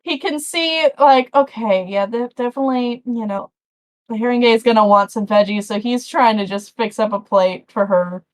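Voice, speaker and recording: A woman's voice: fairly high pitch, moderate pace. A woman narrating a tabletop game as game master, chatty and rambling with frequent restarts.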